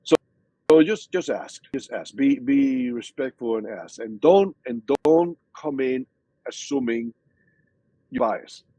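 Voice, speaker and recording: An older man in his sixties with a slightly husky voice, answering interview questions casually. He talks in animated bursts and stumbles into frequent restarts and repeated words. The sound is dry and close. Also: mid-range voice, takes it slowly, no room sound, rough recording. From Hispanic background, from a Spanish-speaking country. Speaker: guest speaker.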